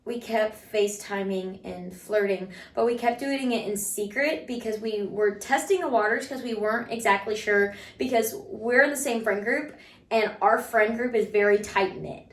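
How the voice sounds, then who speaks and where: A woman's voice: medium pitch, moderate pace. A young woman hosting a casual chat, speaking in an earnest, heartfelt way. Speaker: podcast host. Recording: roomy, distant mic.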